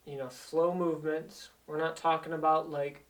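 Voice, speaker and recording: A man talks as a life coach, earnest and insistent, circling back to repeat his main points. His voice sits fairly high for a man. He sounds a little distant, as if set back from the microphone. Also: flat delivery, moderate pace. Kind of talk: motivational talk to camera.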